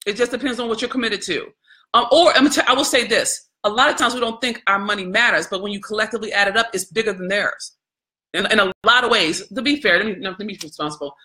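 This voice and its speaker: A woman's voice: mid-range voice, fast, bright, forceful tone. A woman hosting a live video, preaching with fervor in colloquial speech and reading viewer comments aloud between points. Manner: colloquial, addresses viewers as y'all. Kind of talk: impassioned live-stream commentary.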